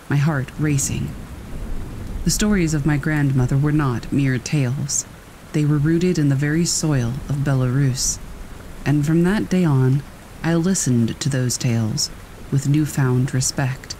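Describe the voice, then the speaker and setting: A man calmly reading a scripted scary story aloud. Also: medium pitch, measured pace, slight background noise, poor audio. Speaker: story narrator. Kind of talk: scripted horror story narration.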